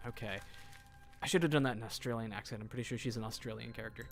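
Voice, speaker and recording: A man's voice: mid-range voice, lively intonation, very fast, gravelly, fairly bright tone. A man casually commenting while streaming a game, joking and reading in-game notes aloud.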